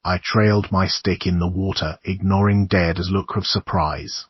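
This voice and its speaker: A man narrating a horror audiobook in a measured, somber way with a husky voice. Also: deep voice, fairly even intonation, dry recording, dull audio.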